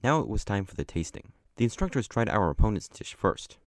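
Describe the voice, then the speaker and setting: A man's voice: fairly low pitch, big pitch swings, fairly quick, no echo, studio quality. A man narrating a personal story casually, chatty with many asides. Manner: chatty, with lots of likes and asides.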